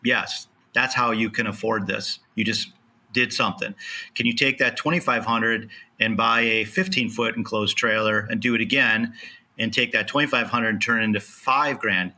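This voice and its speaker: A man's voice: fairly low pitch, steady tone, normal speed, pushed and bright. A man on a podcast as a land specialist guest, speaking emphatically and motivationally, acting out bits of dialogue as he explains. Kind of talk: podcast interview.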